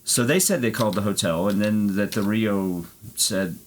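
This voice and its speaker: A man's voice: on the low side, moderate pace, few pauses. A man streaming an arcade golf game, telling a rambling story and swearing freely. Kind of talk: casual chat.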